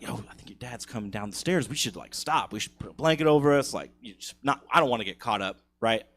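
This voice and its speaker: A young man telling a profane, animated story on a comedy stage, laughing at his own jokes. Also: mid-range voice. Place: live comedy theater stage.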